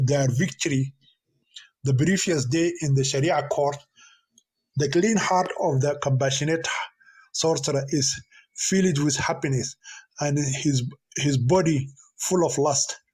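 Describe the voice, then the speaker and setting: A man narrating a story aloud, halting and restarting over words. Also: a little high, a little mellow, slightly rough. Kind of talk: storytelling reading.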